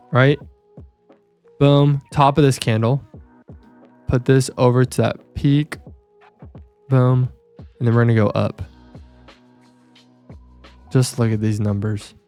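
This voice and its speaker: Excitable self-mocking young man. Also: medium pitch. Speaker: trading video host. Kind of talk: screen-share chart walkthrough.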